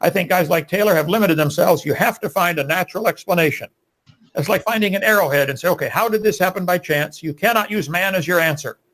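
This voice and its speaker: Sex: man. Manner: preachy, emphatic debater, slightly high voice. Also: quick pace, fairly bright tone, low-quality recording. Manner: emphatic, preachy, rhetorical questions. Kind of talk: live debate argument.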